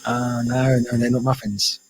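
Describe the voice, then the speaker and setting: A man's voice: medium pitch, completely flat delivery, moderate pace, faint music behind, poor audio. A British man from England, chatting casually as a guest and explaining slang with easy humor. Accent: British English. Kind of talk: casual chat.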